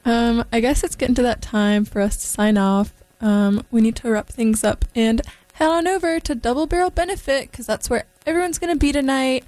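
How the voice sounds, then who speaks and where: A young woman hosts a small radio show from the studio, her voice sitting a little high. She talks loosely and casually, filling gaps with ums and quick laughs. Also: dry recording, poor audio. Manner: relaxed, filler-heavy, giggly. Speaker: college radio host. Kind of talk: casual on-air chat.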